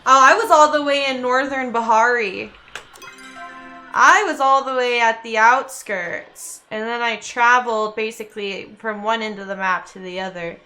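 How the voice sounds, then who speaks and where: A woman's voice: on the high side, fairly even intonation, normal speed, sharp tone, faint music behind. A woman streaming a game, chatting casually with viewers, giggly and chatty, who coos baby talk at her cat. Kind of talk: casual gaming livestream chat.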